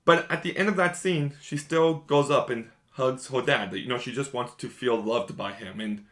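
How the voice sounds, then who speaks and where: Guy gushing about a show in a casual review, mid-pitch voice, rambles a lot. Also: normal speed, a bit bright. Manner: enthusiastic, rambling, repeats himself.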